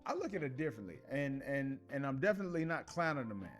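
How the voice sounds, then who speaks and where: A man hosting a casual commentary show, telling stories in an animated way with slang and frequent laughs. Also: mid-range voice, fast talker, soft background music. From Chicago. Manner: animated, laughs often, many restarts and slang.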